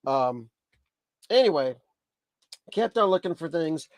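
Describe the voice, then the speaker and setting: Male livestream host, somewhat high voice, dry close sound, rambling and enthusiastic. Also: lively intonation, slow pace, dry recording. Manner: chatty and enthusiastic, rambling with restarts. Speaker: livestream host, record collector. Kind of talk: casual livestream chat.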